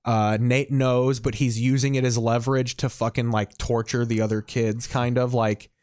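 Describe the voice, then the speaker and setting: A man talking loosely and at length as he recaps a show, dropping swear words without a second thought. His voice is dry and close, with no room sound around it, and sits at an ordinary middle pitch. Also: flat delivery, normal speed, darkish tone, smooth, dry recording. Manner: explains a TV show plot at length, swears casually. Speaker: podcast co-host. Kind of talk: casual chat.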